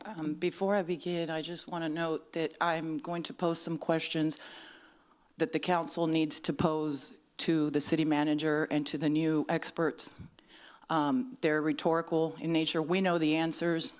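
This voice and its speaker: A woman's voice: low-pitched, level tone, normal speed. A combative woman scolding the council. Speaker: public commenter at a city council meeting. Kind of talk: public comment speech. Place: city council chamber.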